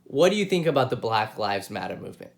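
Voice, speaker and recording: A man's voice: fairly low pitch, big pitch swings, fast talker, gravelly. Young dude doing his own sports show, fired up, repeats himself a lot, talks right to the camera. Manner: impassioned, repeats himself, addresses viewers directly. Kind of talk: solo sports commentary and opinion.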